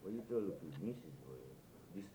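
A man's voice: low voice, expressive, normal speed, mellow. A man with a Hawaiian Pidgin accent, telling stories in casual chat and rambling with constant "you know" and "eh?" tags. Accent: Hawaiian Pidgin English. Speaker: local man chatting with friends. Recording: tinny, echoey, faintly noisy tape.

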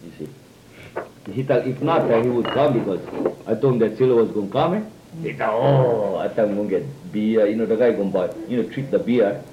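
A man with a Hawaiian Pidgin accent telling stories casually among friends, animated and full of fillers, acting out quoted speech. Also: lowish voice, a little fast, background noise. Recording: roomy, dull lo-fi recording.

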